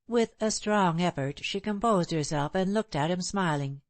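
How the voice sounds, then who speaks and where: Lady reading an old novel aloud, lowish voice, dry close sound. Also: moderate pace, no echo. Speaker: audiobook narrator. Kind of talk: scripted narration.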